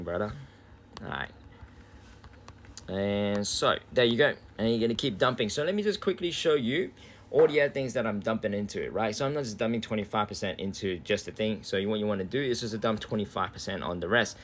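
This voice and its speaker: A man's voice: lowish voice, brisk, slight background noise. An Australian man chatting casually on a live game stream from home, laid-back and swearing freely. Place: indoors at home.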